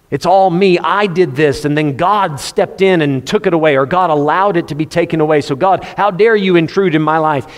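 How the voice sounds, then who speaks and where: Preacher in a reverberant hall. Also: male voice, fairly high pitch. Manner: conversational preaching, quotes scripture in King James wording. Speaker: pastor. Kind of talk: sermon.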